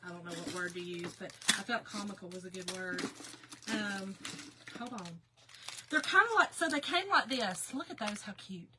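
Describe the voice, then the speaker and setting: A woman's voice: mid-range voice, moderate pace, background noise. A woman chatting casually with her viewers while she crafts on a livestream, laughing often.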